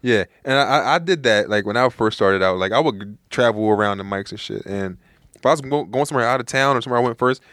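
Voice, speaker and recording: A man's voice: mid-range voice, dry recording, studio quality. A male comedian co-hosting a podcast, talking in a casual, emphatic and profane way. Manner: fast, animated, profane and emphatic. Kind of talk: casual chat.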